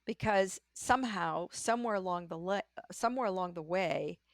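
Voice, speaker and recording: Older lady guest telling work stories, gravelly voice, dry close sound. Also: on the low side, normal speed, no room sound. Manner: lively storyteller who acts out quoted voices. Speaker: podcast guest, leadership coach. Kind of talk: candid conversational storytelling.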